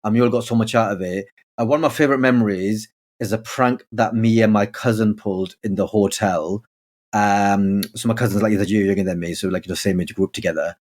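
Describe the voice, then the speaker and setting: A man's voice: fairly low pitch, fairly even intonation, fairly quick, a little mellow. A man, a podcast guest telling anecdotes in a rambling, casual way, full of restarts. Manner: chatty, rambling with frequent restarts.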